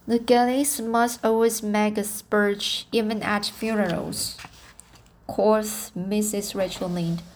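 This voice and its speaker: A woman reading a novel aloud as an amateur audiobook, halting and self-correcting as she practices her English. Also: mid-range voice. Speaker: reader of a novel.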